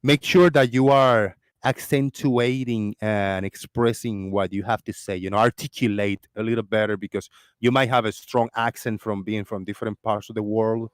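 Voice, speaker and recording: A man with a Floridian accent hosting a live call-in discussion, talking in an excitable, rambling way with many restarts. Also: lowish voice, moderate pace, clean tone, no echo, clean studio sound. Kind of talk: casual live-stream chat.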